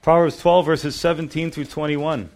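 A man's voice: on the high side, fairly even intonation, normal speed, vocal fry, a little mellow. A middle-aged male pastor giving a sermon, reading scripture aloud and explaining it in a conversational manner.

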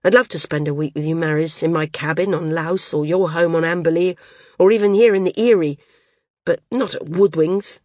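A woman's voice: on the low side, normal speed, a little mellow, no echo, close to an everyday voice. Woman voicing a male flyer, lean, stubborn, cheerful, earnest, argumentative, dry close audiobook sound. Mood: heated. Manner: earnest, argumentative dialogue reading.

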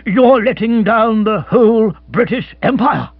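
A gallant but crushed British colonial hunter who confesses in a low, earnest mutter, as a male narrator puts him on. His voice is husky. The sound is dull and dry. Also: unhurried, no room sound. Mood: ashamed. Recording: dull, dry close recording.

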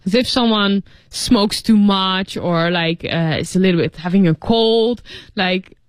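A woman's voice: mid-range voice, no echo, clean studio sound. A woman co-hosting an English lesson, explaining words casually with many likes and fillers. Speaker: co-host reading a story.

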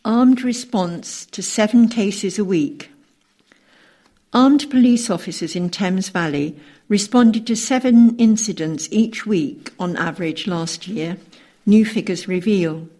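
A woman reading news items in a measured way. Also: medium pitch, dark tone.

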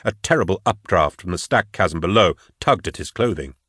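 A man narrating an audiobook in a steady, measured storytelling manner. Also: low voice, slightly rough, dry recording, studio quality. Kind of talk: scripted narration.

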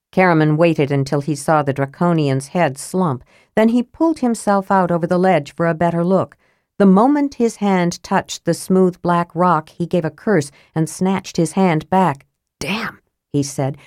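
A woman with a low voice narrates an audiobook in a steady, clear storytelling manner. The recording is close and dry, with no room sound behind her. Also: moderate pace, no echo.

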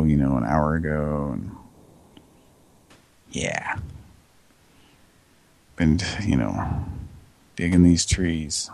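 Deep-voiced man hosting a loose late-night show. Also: takes it slowly, vocal fry, pauses often, warm tone, dry recording. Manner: loose, rambling and chuckling. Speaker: host of a prank call show. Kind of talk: casual late-night chat.

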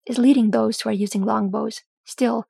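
A woman's voice: a little high, fairly even intonation, moderate pace, vocal fry, dark tone, slightly rough, no echo, clean studio sound, exaggerated voice. A woman voicing a steely, no-nonsense female dwarf officer who reports in a terse, matter-of-fact way.

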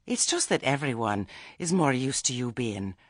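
A man's voice: medium pitch, big pitch swings, normal speed, no echo, clean studio sound, pitched above the performer's own voice. A man voicing a chatty, anxious elderly village witch who talks in a nervous, hesitant, homely way. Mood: uneasy.

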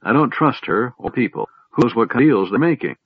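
A man's voice: mid-range voice, expressive, a little fast, breathy edge, dry recording, muffled recording, voice pushed up. A man reading an audiobook voices a proud, distrustful male knight who speaks with a scowl. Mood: suspicious.

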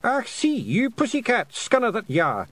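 A shrill, scrappy Scottish wee fairy. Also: male voice, expressive, a little slow, no room sound. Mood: fierce. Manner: shrill mock birdcalls, combative. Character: tiny fierce Scottish male fairy warrior.

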